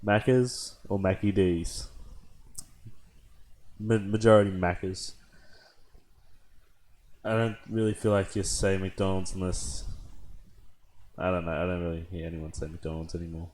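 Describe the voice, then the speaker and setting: A man's voice: low voice, little pitch movement, a little slow, long pauses, darkish tone. An Australian man hosting a casual reaction video, chatting laid-back with joking asides.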